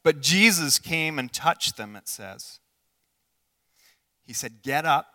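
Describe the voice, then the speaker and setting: Bright-voiced preacher in a reverberant hall. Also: male voice, a little high, lively intonation, slow. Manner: earnest, asks the listeners questions, swings between loud and hushed. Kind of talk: sermon.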